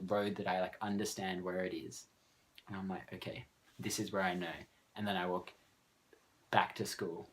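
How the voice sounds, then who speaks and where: Young Australian man, low voice, casual self-mocking vlog storyteller who rambles and laughs. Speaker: vlogger.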